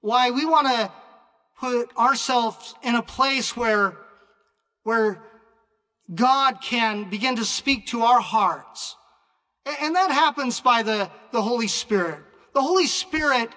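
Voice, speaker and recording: A man delivers a sermon at a very unhurried pace, pausing often and restarting phrases. His voice sits unusually high and sounds bright. The sound rings with the long reverb of a large hall. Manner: slow, deliberate preaching with frequent pauses and restarts. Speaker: preacher.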